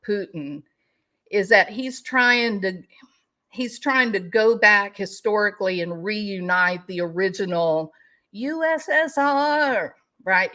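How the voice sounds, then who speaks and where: A woman's voice: mid-range voice, bright, forceful tone. A middle-aged woman hosting a casual livestream, chatting with her viewers and talking to her dogs. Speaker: YouTube news commentary host.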